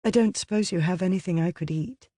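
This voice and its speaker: A man's voice: mellow, no room sound, clean studio sound. Man doing a weary young woman. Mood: tired relief. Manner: low, tired, halting. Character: tired, shaken young woman.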